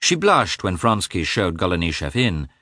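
A man giving an expressive, measured reading of a classic novel as an audiobook narrator. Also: deep voice, no echo, studio quality.

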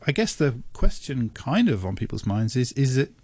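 Gravelly man presenting radio chat. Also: mid-range voice, big pitch swings, normal speed, mellow. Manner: hesitant, many ums and restarts, thoughtful. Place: radio studio. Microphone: studio microphone.

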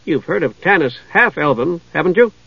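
Brief: man playing an eager, rambling kender, high and bouncy, dry lo-fi audiobook sound. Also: brisk, gravelly, husky, dry recording, full character voice. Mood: thoughtful chatter. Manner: eager, rambling, shrill when excited. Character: excitable chatty male kender adventurer. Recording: dull lo-fi dry recording.

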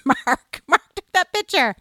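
A middle-aged woman co-hosting a livestream, telling a story in a casual, animated way and acting out the quoted voices. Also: high voice, takes it slowly, no echo. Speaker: livestream co-host.

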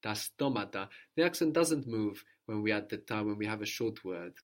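A man's voice: lowish voice, lively intonation, moderate pace. A man teaching a language lesson, patiently prompting his student and repeating the answers.

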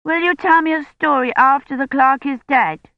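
A woman's voice: high voice, moderate pace, dry recording, highs cut off, pitched above the performer's own voice. A woman voicing a frightened little girl who asks small, pleading questions in a storybook reading.

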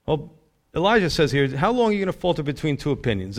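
A man preaching a sermon, reading scripture aloud and breaking into conversational comments, at times rising to loud emphatic bursts. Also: fairly high pitch, sing-song, fast talker. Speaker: pastor.

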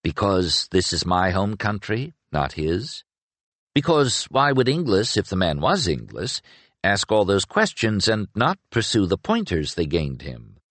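An earnest, curious young sorcerer argues his case eagerly, as a man reading the book puts him on. The low voice lifts a little and moves in lively swings. The sound is close and dry. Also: unhurried, no room sound, heavily acted. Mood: persuasive. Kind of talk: audiobook character reading.

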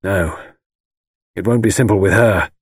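A man's voice: sits low, measured pace, husky, no room sound, clean studio sound. A man voicing an intense, brooding architect. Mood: urgent. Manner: pressing, insistent warnings. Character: intense, brooding male architect, urgent and cryptic.

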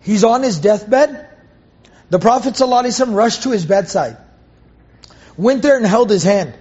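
High, husky-voiced man teaching scripture. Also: expressive, a little mellow. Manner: earnest, repeats phrases for emphasis; recites Arabic verses slowly. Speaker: Quran teacher. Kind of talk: Quran commentary lesson. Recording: dull, muffled lo-fi recording.

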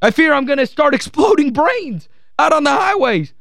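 A man's voice: extremely high pitch, sing-song, moderate pace, vocal fry, fairly bright tone, no echo. A male sports radio host in a studio, ranting heatedly and with exasperation, hammering his points home by repeating phrases. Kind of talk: call-in sports talk rant.

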